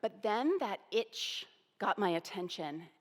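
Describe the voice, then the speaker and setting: A woman in her forties telling a personal story, animated and self-deprecating. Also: medium pitch, takes it slowly, big-room sound. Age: 40s.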